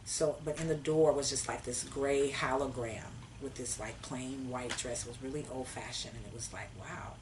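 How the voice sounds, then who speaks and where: A woman telling a personal story in a casual, animated way, acting out her own past conversations. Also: a bass voice, normal speed, hardly any pauses, far from the mic, background noise.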